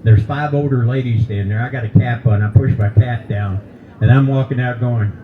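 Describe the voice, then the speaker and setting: A man's voice: mid-range voice, fairly quick, narrow, tinny audio, background noise. Seventy-something man doing folksy stand-up. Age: 70s. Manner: folksy, teasing the crowd, jokes about old age. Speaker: stand-up comedian. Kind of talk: stand-up comedy set. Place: brewery stage with live audience.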